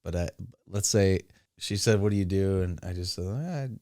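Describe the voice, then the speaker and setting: A man's voice: deep voice, level tone, normal speed, darkish tone, dry recording. A man casually telling a long story, rambling with crude asides and laughs. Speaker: streamer.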